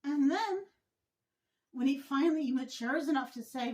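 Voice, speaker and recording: Slow, high-voiced indignant woman. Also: expressive, darkish tone. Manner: deliberate, indignant, emphatic. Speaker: vlogger. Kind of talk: opinion commentary monologue.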